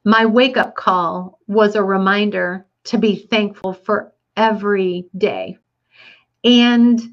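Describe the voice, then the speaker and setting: A woman's voice: mid-range voice, steady tone, slow pace, muffled recording. A woman telling her listeners a personal story in an earnest, reflective way, with frequent fillers. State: getting teary.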